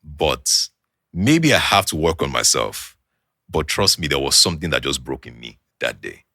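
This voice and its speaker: A man's voice: a bass voice, moderate pace, no echo, studio quality. A young Nigerian man with a Nigerian English accent, a podcast guest telling a personal story in casual chat, acting out the quoted dialogue. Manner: animated storyteller who acts out quoted dialogue.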